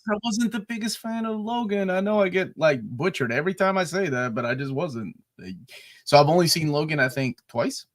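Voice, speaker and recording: Male co-host, animated, fairly high-pitched, dry recording. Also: brisk, no room sound. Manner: excitable, animated, laughs often. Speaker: podcast co-host. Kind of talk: casual movie review chat.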